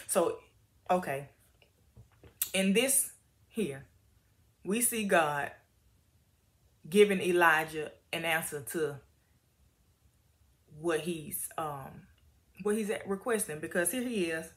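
A woman reading Bible passages aloud and commenting in a chatty, animated way. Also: on the low side, slow pace, long pauses. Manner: animated, chatty, laughs often. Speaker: Bible story teacher.

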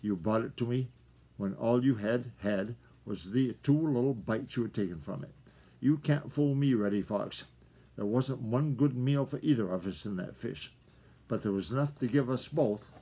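A man's voice: mid-range voice, moderate pace, husky. An old man voicing a wise old granny fox. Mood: gentle, firm. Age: older. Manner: soft and gentle, turning stern. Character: old, shrewd, hungry female fox, stern but tender.

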